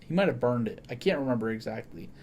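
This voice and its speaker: Excitable, swearing podcast host, man. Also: medium pitch, quick pace, a little hiss or hum. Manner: excitable, swears freely, corrects himself often. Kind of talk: casual podcast chat.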